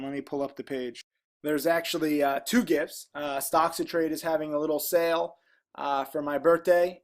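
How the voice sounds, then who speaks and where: A man in his thirties with a casual vlog voice, reading viewer comments aloud and reacting to them in a frank, rambling way with many fillers. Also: on the high side.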